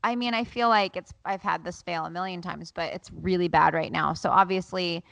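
A woman co-hosting a casual mom chat, candid and quick to swear. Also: fairly low pitch, steady tone, vocal fry, a bit bright, no echo. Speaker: podcast co-host. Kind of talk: casual chat among moms.

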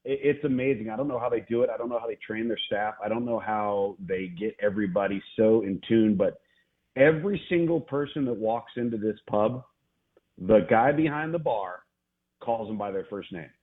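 A man's voice: lowish voice, moderate pace. A man calling in as a college football analyst, telling stories casually and repeating himself for emphasis. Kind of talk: casual radio chat. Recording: phone-line guest call.

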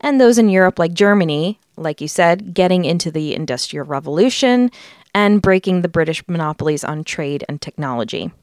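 A woman's voice: on the low side, lively intonation, brisk, a little mellow, no room sound, studio quality. A woman from the United States hosting a podcast, chatting casually and laying out facts with frequent fillers. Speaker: podcast host. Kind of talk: casual podcast chat and research narration.

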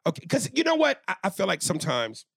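A man co-hosting a comedy podcast in casual chat, loud and playful, slipping into silly bits. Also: high voice, huge pitch swings, fast, gravelly, breathy edge, no echo. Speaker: podcast co-host.

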